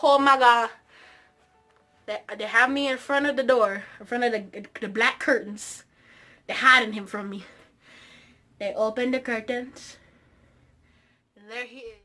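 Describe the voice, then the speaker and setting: A young woman with a high, bright voice recounts a personal story straight to camera. She is theatrical and comic, swinging between hushed asides and excited exclamations. Light music plays quietly underneath. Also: normal speed, long pauses. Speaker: vlogger. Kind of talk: animated storytime vlog.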